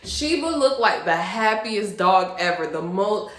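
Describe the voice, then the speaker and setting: A woman in her late twenties from a Haitian family, telling a personal story in an animated, expressive storytime vlog. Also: medium pitch, a little slow. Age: late 20s. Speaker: vlogger. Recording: roomy echo.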